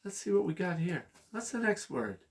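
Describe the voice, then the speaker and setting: A man teaching a phonics lesson to children, speaking slowly and patiently, spelling words out letter by letter in an animated, sing-song way. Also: high voice.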